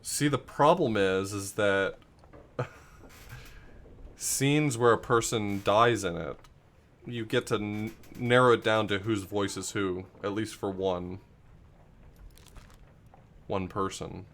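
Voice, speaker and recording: Male streamer, lowish voice, musing and self-deprecating as he plays. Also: slow, pauses often, a bit bright. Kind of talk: casual live gameplay commentary.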